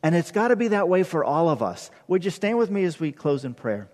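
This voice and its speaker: A man's voice: a little high, very animated, brisk, darkish tone. A man preaching as pastor, earnest and conversational, often checking in with "right?" before leading a closing prayer. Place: church sanctuary. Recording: long hall reverb.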